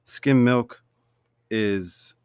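A man recapping a TV show from home in a casual, animated way, laughing often and acting out lines. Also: lowish voice, very slow, clean tone, no room sound. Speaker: TV show reviewer.

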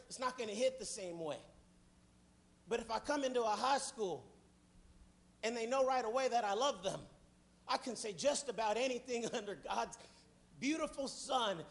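A middle-aged man preaching with fervor and a strikingly high voice. He swings from soft, low passages to ringing shouts at the congregation. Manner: fervent, building to shouts. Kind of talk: sermon.

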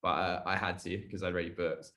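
A man's voice: low voice, flat delivery, quick pace, bright, forceful tone. A young man, chatting casually as a podcast guest. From England. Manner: chatty, lots of "like" fillers. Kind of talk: casual chat.

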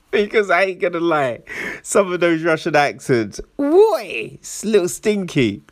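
A man's voice: high-pitched, lively intonation, slow, no room sound, clean studio sound. A man giving a casual film review in a chatty way, laughing often and asking "right?" after his points.

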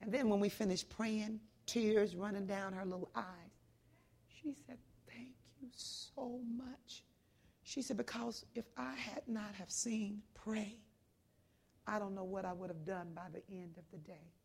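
A woman preaching a sermon, telling a story loudly, then dropping to a hush and rising again. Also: medium pitch, fairly even intonation, normal speed, creaky. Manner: loud, swings between hushed and shouting.

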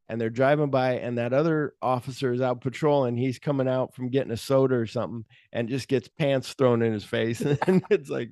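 A man's voice: medium pitch, a little mellow, no room sound, clean studio sound. A man co-hosting a podcast, retelling movie scenes animatedly, acting out the quotes and swearing freely. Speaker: podcast co-host. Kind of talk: casual movie chat.

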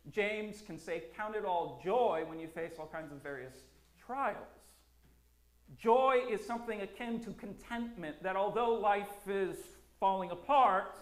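A man preaching a sermon as a pastor, earnest and emphatic, with slow, deliberate phrasing and repeated lines. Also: high-pitched. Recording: roomy echo.

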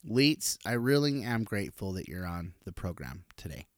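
A man's voice: deep voice, big pitch swings, moderate pace, dry recording, studio quality. A young man hosting a podcast, joking with friends and laughing often. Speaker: podcast host. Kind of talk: casual chat.

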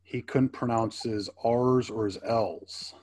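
A man in casual conversation, telling old army stories with animated acted-out quotes and frequent laughter. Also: mid-range voice, takes it slowly. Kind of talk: casual storytelling chat.

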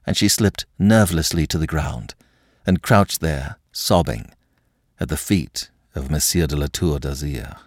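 A man narrating a classic novel in a dramatic, expressive way. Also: a bass voice, unhurried, dry recording, studio quality. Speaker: audiobook narrator.

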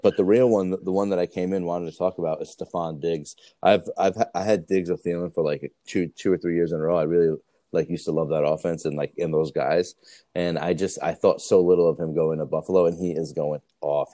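A man's voice: low voice, fairly even intonation, a little fast, warm tone. A man hosting a casual podcast, rambling with many restarts and fillers. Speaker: podcast host.

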